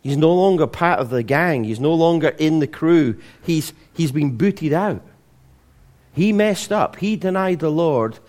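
A man preaching a sermon in a relaxed, conversational way, with jokes and frequent restarts. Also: a little high, unhurried. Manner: conversational, humorous storytelling with many restarts.

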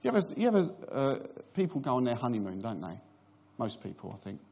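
A man's voice: mid-range voice, big pitch swings, fast talker, gravelly, mellow, breathy edge, dull audio. A middle-aged man preaching a sermon in a conversational way, with wry humorous asides.

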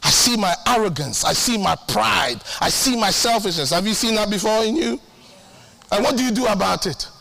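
A man preaching a sermon as pastor, emphatic and animated, repeating key lines and acting out his own prayers with humor. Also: high-pitched, normal speed, gravelly.

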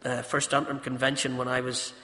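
A man preaching a sermon, swinging from loud emphasis to hushed intensity and asking rhetorical questions. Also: mid-range voice, little pitch movement, fairly quick, long reverb tail. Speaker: pastor. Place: church.

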